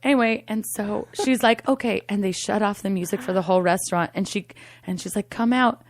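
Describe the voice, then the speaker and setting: A young adult woman, a comedian, telling a story in a casual interview, animated and swearing, acting out the voices of the people in it. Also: mid-range voice, a little fast, no room sound. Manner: animated, swearing, acts out voices in her stories. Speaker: comedian and singing waiter.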